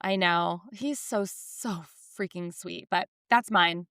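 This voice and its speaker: A woman's voice: fairly low pitch, takes it slowly, smooth, dry recording, clean studio sound. A woman in her thirties co-hosting a podcast, chatting casually and acting out voices when she tells stories. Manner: animated storyteller, acts out voices in quotes. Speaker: podcast co-host. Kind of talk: casual chat.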